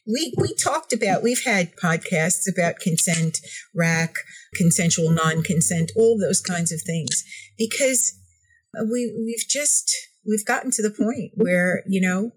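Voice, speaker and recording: A woman co-hosting a podcast in casual chat, speaking in a measured, agreeable way. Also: lowish voice, expressive, husky. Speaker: podcast co-host.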